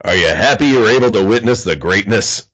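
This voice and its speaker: A man with a lowish voice co-hosts a comedy podcast. He rambles through anecdotes in casual chat, acting out the lines of the people he describes. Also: lively intonation, brisk, a bit bright, breathy edge, low-quality recording. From Canada. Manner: storytelling, acts out quoted voices. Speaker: podcast co-host.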